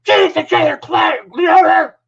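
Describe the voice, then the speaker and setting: A furious, red-faced male football coach who hollers from the sidelines in a strained, far higher voice than his own. He swings between cursing and gruff praise at full volume, and the sound is dull and lo-fi. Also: moderate pace, a bit bright, raised voice, some chatter behind, exaggerated voice. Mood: yelling, furious. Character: screaming middle-aged male football coach, hot-tempered.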